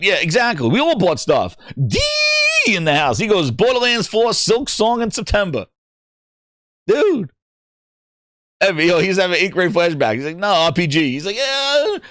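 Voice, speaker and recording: Animated man hosting a gaming livestream. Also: on the high side, no room sound, studio quality. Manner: animated, joking, does mocking voices. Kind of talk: livestream commentary, reading chat.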